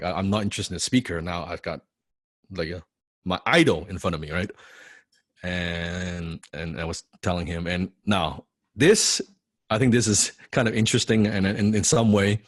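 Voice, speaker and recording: Man, fairly low voice, casual motivational storytelling, animated, repeats words, laughs a lot, dry close sound. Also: normal speed, dry recording. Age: young adult. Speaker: business coach.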